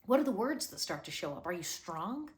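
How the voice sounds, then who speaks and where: A woman's voice: fairly low pitch, big pitch swings, fairly quick. A woman hosting a motivational talk, earnest and coaching, firing off rhetorical questions at the listener. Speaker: motivational host.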